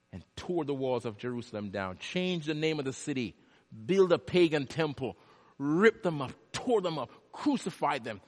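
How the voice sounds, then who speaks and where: A male pastor delivering a sermon, swinging from hushed, quiet lines to loud, impassioned ones. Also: medium pitch. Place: church. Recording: long echo of a large hall.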